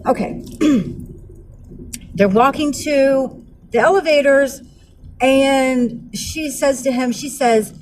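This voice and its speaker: A woman's voice: sits high, animated, slow, long pauses, slight background noise, low-quality recording. A woman in her forties telling a vlog story in a blunt, heated way, with flashes of anger and weary sighs. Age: 40s. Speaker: vlogger.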